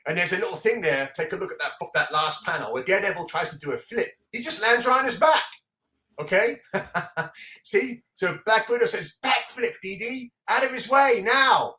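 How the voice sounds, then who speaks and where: A man hosting a casual comic book podcast, excitedly walking through the pages and laughing often. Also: high voice. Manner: excitable, laughing often, reads dialogue aloud. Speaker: comic book show host. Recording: echoey room.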